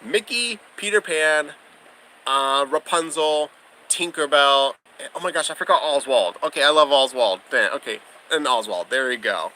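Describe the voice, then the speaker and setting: A man's voice: on the high side, bright, forceful tone, a little hiss or hum, low-quality recording. A young man hosting a casual livestream, chatting with viewers in a bubbly, gushing way and laughing often. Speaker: livestream host.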